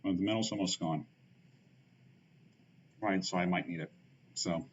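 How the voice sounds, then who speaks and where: Low-voiced man muttering through a card game. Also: fairly even intonation, a little slow. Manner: thinks aloud with many fillers, muttering asides. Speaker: streamer playing a card game. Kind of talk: casual game commentary. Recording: dull lo-fi stream audio with faint hiss.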